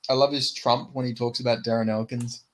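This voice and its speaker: A young man with an Australian accent in a casual podcast chat, relaxed and sweary, often restarting his sentences. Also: medium pitch, fairly quick. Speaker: podcast co-host.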